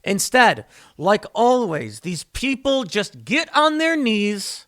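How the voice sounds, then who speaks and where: A man talking in a rather high voice that swoops and jumps with animated emphasis, as if he were performing every line. He hosts his own commentary show and speaks sarcastically in a dry, close-miked monologue. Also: slow pace, no echo. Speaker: show host.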